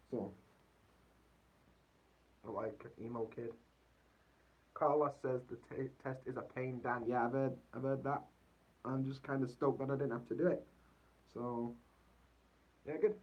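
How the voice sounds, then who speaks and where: A man's voice: fairly even intonation, a little slow, long pauses. A young man from Yorkshire with an English accent, chatting casually on a livestream in a rambling, easygoing way. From Yorkshire, England. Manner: rambling and easygoing, full of fillers like "so yeah". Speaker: vlogger living in Japan. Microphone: poor-quality mic. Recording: dull, muffled low-quality mic.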